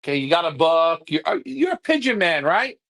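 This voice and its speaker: A man's voice: fairly high pitch, big pitch swings, fairly quick, vocal fry, a bit bright. A man, co-hosting a live pigeon-club stream, ranting bluntly and repeating himself when fired up. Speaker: pigeon racing club co-host.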